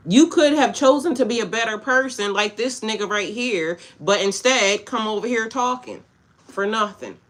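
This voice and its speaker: A woman hosts a spiritual reading stream, talking bluntly and casually to her viewers. Her voice has a bright, sharp edge, and she mixes slang with pep-talk advice. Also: mid-range voice. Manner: casual, blunt, slangy, talks back to chat. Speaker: spiritual coach. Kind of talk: livestream tarot-style reading with chat.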